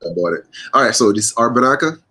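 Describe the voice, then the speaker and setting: A man's voice: medium pitch, expressive, quick pace, bright, forceful tone. A man hosting a casual podcast, talking loosely, with restarts and laughter. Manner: rambling, with restarts and frequent laughs. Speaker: podcast host.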